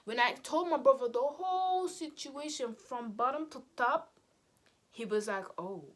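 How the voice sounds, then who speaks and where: A young woman telling a casual storytime vlog, slangy and animated. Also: high voice, measured pace. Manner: slangy and animated, acting out quotes. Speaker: vlogger.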